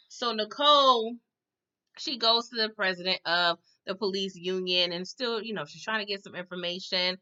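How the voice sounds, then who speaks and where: A woman's voice: medium pitch, normal speed, bright, forceful tone, dull audio. A woman giving a casual, chatty recap of a TV episode. She acts out the characters' lines and keeps tagging her sentences with "okay?". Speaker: TV recap host.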